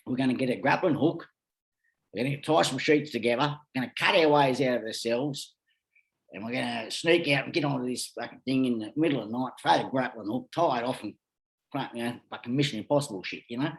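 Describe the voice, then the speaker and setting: A man's voice: medium pitch, quick pace, creaky. A middle-aged Australian man, a podcast guest, telling rambling stories in casual talk and swearing constantly. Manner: lively, rambling anecdotes. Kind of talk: casual storytelling.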